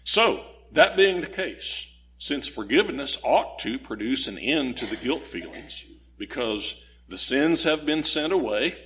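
A man's voice: medium pitch, expressive, unhurried, a bit bright. Earnest male preacher explaining scripture. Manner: earnest, explanatory, asks rhetorical questions. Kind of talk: sermon.

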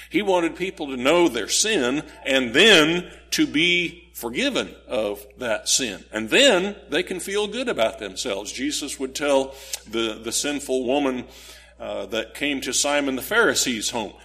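A man's voice: mid-range voice, lively intonation, measured pace, pushed and bright. A man preaching a sermon, explaining scripture in an earnest, teaching way and posing rhetorical questions to his listeners.

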